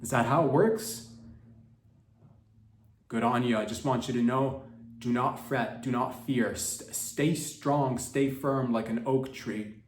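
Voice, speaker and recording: A man's voice: medium pitch, slow pace, a little hiss or hum. Rambling man, echoey room. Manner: mock-dramatic, rambling, slangy. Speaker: podcast host. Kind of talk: rambling comedic monologue.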